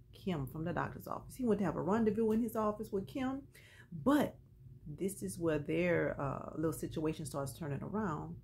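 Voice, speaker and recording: A woman's voice: lowish voice, slight background noise. Chatty woman recapping a TV episode. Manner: animated, chatty, with colloquial asides. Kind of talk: casual storytelling recap.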